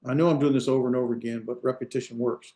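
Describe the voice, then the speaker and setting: A middle-aged man lectures a grammar class at an ordinary pitch, stopping often to correct himself and fill pauses. His delivery is hesitant and self-deprecating. The recording carries a noticeable room echo. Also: fairly even intonation, dark tone. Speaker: Hebrew instructor.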